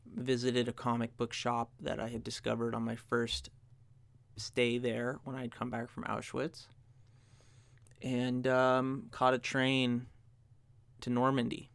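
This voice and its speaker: Young male podcast host, gravelly mid-range voice, dry close sound, reflective storyteller who restarts sentences. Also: mid-range voice, no room sound. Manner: reflective, searching for words with restarts. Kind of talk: personal storytelling.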